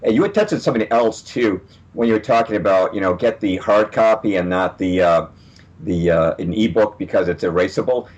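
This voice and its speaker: A man being interviewed on radio as a guest author, explaining at a measured pace with frequent fillers. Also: fairly low pitch, a little mellow, highs cut off.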